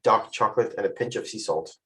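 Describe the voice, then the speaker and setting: A man hosts a tasting group on a video call. His voice sits low, and his casual chat is full of playful jokes and asides. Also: fast, fairly bright tone, poor audio. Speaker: host of a virtual tasting group.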